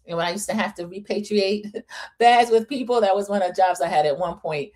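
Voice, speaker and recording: A chatty woman recaps a reality TV episode, full of opinions. She talks in a relaxed, easy way and acts out what the cast said. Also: mid-range voice, fairly quick. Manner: chatty, opinionated, animated quoting of cast members. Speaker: host.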